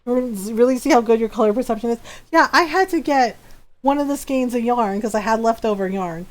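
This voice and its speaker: A woman's voice: on the high side, brisk. A woman live-streaming a game, chatting casually and reading and answering her chat as she tells a story.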